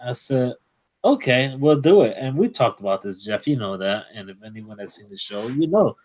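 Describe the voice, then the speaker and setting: A man's voice: lowish voice, lively intonation, fairly quick, darkish tone. A man hosting a live comics show, telling a story in a rambling way with many restarts. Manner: rambling, lots of restarts and fillers. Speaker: host. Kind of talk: casual live-stream chat.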